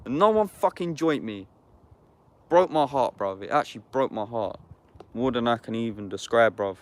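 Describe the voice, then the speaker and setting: A man's voice: mid-range voice, expressive, normal speed. A man talking in a heated, casual livestream chat. He is blunt and sweary and speaks in an ordinary mid-range voice. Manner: blunt, heated and sweary, saying "bruv" constantly.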